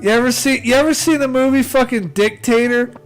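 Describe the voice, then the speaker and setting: A man's voice: extremely high pitch, a little fast, soft background music. An American man streaming live, chatting casually in a rambling way, swearing constantly and laughing at his own jokes. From United States. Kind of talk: casual chat on a livestream.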